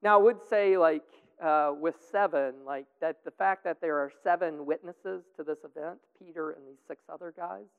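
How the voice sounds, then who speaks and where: Pitched on the high side, his clear, resonant voice has some vocal fry, and he talks at a moderate pace with few pauses. He's casually leading a group Bible study, rambling with plenty of fillers, heard over a tinny phone-like line with long reverb.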